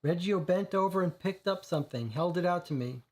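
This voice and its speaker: A man's voice: high-pitched, brisk. A man reading a crime dossier aloud for a game stream, with small slips, then commenting casually.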